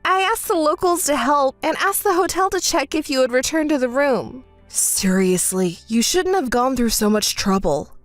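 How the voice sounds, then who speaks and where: A woman's voice: high-pitched, animated, normal speed, hardly any pauses, dry recording, soft background music. A woman voicing a hurt, indignant young bride in a text story, scolding and sarcastic.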